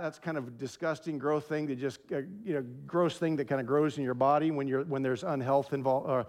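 A male pastor giving a sermon in a conversational way, telling personal stories and repeating key phrases for emphasis. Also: medium pitch. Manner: drops to a soft hush when telling a quiet story.

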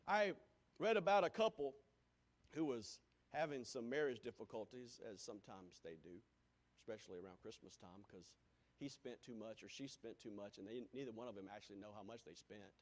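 A man preaching a sermon, folksy and repetitive, rising to loud calls and dropping to near-whispers. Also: medium pitch. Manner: folksy, repeats lines for emphasis. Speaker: pastor.

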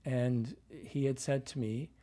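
Man, Midwestern accent, from Iowa, dialect coach, husky voice, lively anecdotes with quoted voices. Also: medium pitch, slow pace. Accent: Midwestern American. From Iowa, USA. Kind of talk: storytelling interview.

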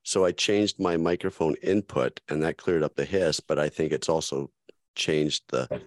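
A man co-hosting a podcast over a remote call, playful and quick to laugh. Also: very deep voice, fairly even intonation, no room sound, clean studio sound. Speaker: podcast co-host. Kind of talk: casual chat.

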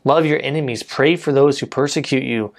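A man's voice: mid-range voice, a little fast. A man giving a casual, conversational sermon, often saying "you know" and restarting his sentences. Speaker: preacher.

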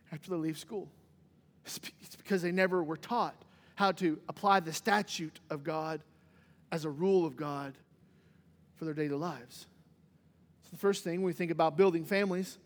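High-voiced man preaching in a reverberant church. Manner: animated preaching, acts out quoted voices. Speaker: pastor. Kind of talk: sermon. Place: church sanctuary.

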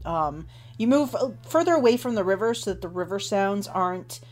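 A woman's voice: mid-range voice, lively intonation, darkish tone. A woman running a tabletop game as game master, narrating at an easy pace with many fillers. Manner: unhurried, with many fillers like um and kinda.

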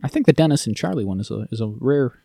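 A man co-hosting a podcast, chatting casually about a TV episode and jumping into animated impressions of the characters. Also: quick pace, creaky, slightly rough, dry recording, clean studio sound. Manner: animated, jumps high when mimicking characters. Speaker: podcast co-host. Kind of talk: casual chat recapping a TV episode.

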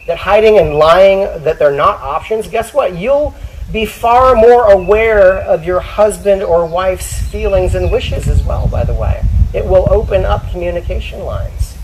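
A man preaching a sermon, talking casually to his church and slowing down to read scripture aloud. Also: high-pitched, lively intonation, darkish tone, slight background noise, rough recording. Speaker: pastor.

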